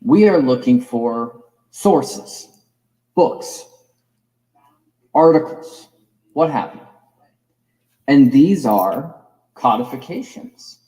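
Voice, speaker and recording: A man's voice: mid-range voice, expressive, extremely slow, pauses often, dark tone, poor audio. A man giving a reflective, digressive lecture as a course teacher, musing over the roots of words.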